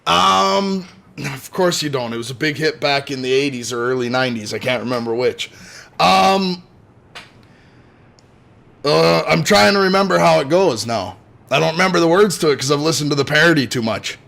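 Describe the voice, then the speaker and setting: A man's voice: a little high, expressive, normal speed, gravelly, fairly bright tone. A Canadian man co-hosting a podcast, rambling and swearing in casual chat. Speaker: podcast co-host.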